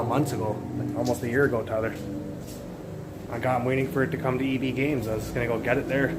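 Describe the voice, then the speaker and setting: A man rambles loudly through a home cooking stream, swearing often and wandering off topic. His voice sits in a middle range. It comes through a phone mic with steady noise underneath. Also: medium pitch. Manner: rambling, loud, swears a lot. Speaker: live streamer. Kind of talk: casual live-stream chat while cooking. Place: home kitchen.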